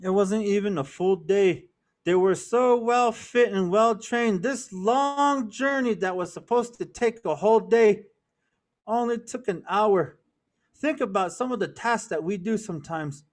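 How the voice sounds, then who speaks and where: A man's voice: high-pitched, a little slow. A man telling a traditional story as a lesson, repeating words for rhythm and mixing in Navajo words. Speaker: storyteller and cultural presenter.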